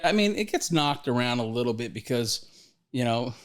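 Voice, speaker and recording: A middle-aged man hosting a podcast, telling stories in a lively, rambling way, often restarting his sentences. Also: medium pitch, normal speed, smooth. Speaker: podcast host, financial advisor. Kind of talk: casual storytelling conversation.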